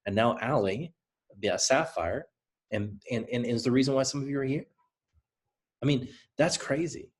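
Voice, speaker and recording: Energetic man with a Southern drawl. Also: mid-range voice, normal speed, long pauses. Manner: energetic, conversational, coaching; direct, repeats points for emphasis. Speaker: presenter. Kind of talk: motivational training talk.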